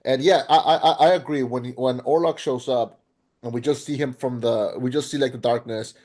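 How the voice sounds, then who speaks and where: Here a male podcast co-host trades casual film-review chat at an everyday middle pitch. He moves briskly, in lively, meandering spurts, often doubling back to restart a thought.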